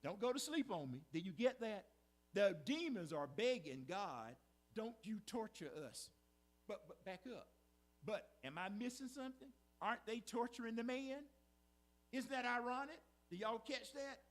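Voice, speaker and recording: A man's voice: very high-pitched, animated, normal speed. A man preaching a sermon in a church, repeating his points and calling out to the congregation. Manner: preaching with call-and-response asides, repetitive emphasis. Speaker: pastor. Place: church sanctuary.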